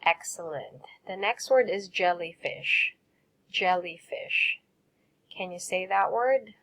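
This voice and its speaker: A woman's voice: medium pitch, unhurried, a bit bright, rough recording. A woman teacher giving a recorded lesson, patiently saying words and asking students to repeat them.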